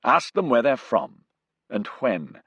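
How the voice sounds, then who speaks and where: A man voicing a stern British army captain who gives brisk commands in a raised voice. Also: medium pitch, sing-song, fairly bright tone, husky, no echo, muffled recording, voice pushed up, full character voice. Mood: brusque.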